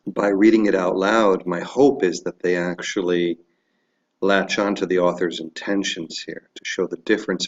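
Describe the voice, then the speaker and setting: Male teacher, very deep voice, calm reflective voice-over commentary. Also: dull audio. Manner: reflective, self-evaluating. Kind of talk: screencast commentary.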